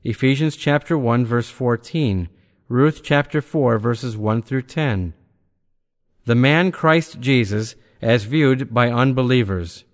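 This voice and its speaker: A man reading theological prose aloud in a measured, deliberate manner, slowing down for scripture citations. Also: mid-range voice. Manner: measured, deliberate delivery that slows to cite scripture references. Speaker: reader of a religious text. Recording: long hall reverb.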